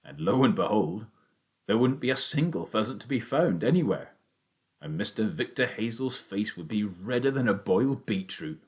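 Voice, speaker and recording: A man voicing a scheming, excitable father as he reads a children's audiobook aloud; the father talks low and conspiratorial, then gets worked up. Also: normal speed, natural voice. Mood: rousing. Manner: hushed and conspiratorial, then rousing.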